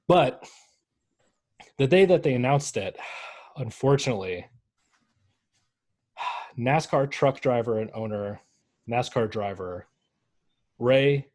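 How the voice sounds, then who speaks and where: A man co-hosting a casual sports podcast. He talks in an animated, mocking way and keeps jumping into exaggerated voices to make fun of people. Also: mid-range voice. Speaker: podcast co-host. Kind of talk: casual chat.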